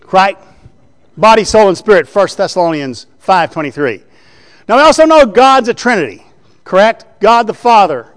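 Writing on a board as he teaches, a man delivers a conversational Bible sermon and regularly checks in with listeners through rhetorical questions. His voice is on the high side with a clean tone.

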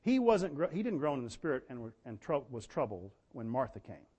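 A man preaching a sermon, telling folksy stories and swinging from quiet asides to loud, emphatic bursts. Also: medium pitch, big pitch swings, fairly quick, slightly rough, dull audio.

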